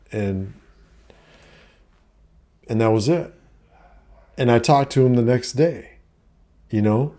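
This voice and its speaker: A man's voice: medium pitch, animated, unhurried, pauses often, warm tone. A middle-aged man telling a personal story in a casual vlog, blunt and profane, with lots of fillers. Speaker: vlogger giving life advice.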